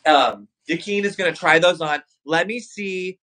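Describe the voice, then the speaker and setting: A man hosting a live shopping stream, excitedly hyping luxury items and talking straight to his viewers. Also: sits high, moderate pace, poor audio. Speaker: livestream shopping host. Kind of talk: live sales stream chat.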